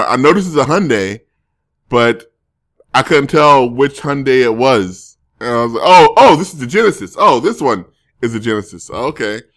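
A man's voice: medium pitch, a bit bright. A man streaming casually, reading viewer comments and rambling through jokes and self-corrections.

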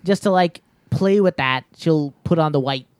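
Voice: mid-range voice, moderate pace, darkish tone, no room sound. A podcast host in casual chat, steering the talk and reading out listener comments. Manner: chatty, reads out the chat.

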